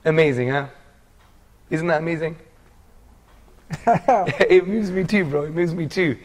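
A man's voice: on the high side, a little slow. A man in his forties from England, earnestly telling his life story as a guest in a casual interview and calling the host bro.

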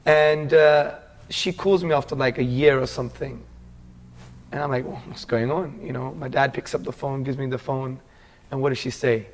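A man's voice: medium pitch, fairly even intonation, moderate pace. A man in his forties from England, earnestly telling his life story as a guest in a casual interview and calling the host bro.

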